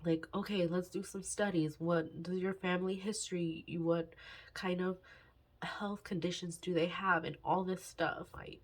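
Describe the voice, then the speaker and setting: Casual vlogger, woman in her twenties, husky tone, emotional and near tears, halting delivery. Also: lowish voice, level tone. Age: 20s. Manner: halting, sighing, many fillers and restarts. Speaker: budgeting vlogger. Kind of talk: candid personal vlog talk.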